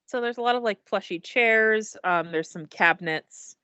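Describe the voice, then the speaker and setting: A woman narrating as game master over a video call, describing scenes with frequent pauses and restarts. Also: medium pitch, bright, forceful tone, clean tone, no room sound. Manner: hesitant, many ums and restarts while describing scenes. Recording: dull lo-fi call audio.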